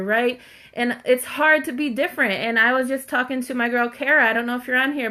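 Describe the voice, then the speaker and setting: This slightly high, a bit bright female voice belongs to a home live-streamer who reads comments aloud. She talks to viewers in a chatty, heartfelt manner, leaning on "like" and "you guys."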